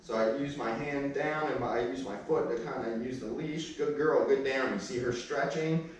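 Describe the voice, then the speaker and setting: Heard from a distant mic in a very echoey room with slight background noise, this plain-spoken man works as a dog trainer. Speaking at normal speed in a mid-range voice, he chats casually as he demonstrates, snapping short, sharp commands at a dog.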